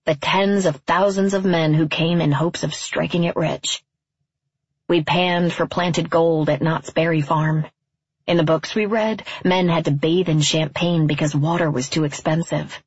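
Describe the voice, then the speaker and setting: Husky woman narrating with wry deadpan. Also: deep voice, a little slow, no room sound, lo-fi sound. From California. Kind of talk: first-person audiobook narration.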